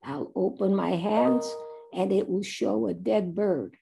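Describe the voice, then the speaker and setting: Cocky teen boy scheming out loud, as an older-sounding lady tells it, gravelly and slow. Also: medium pitch, over music. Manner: boastful, plotting. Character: scheming smart-aleck teenage boy.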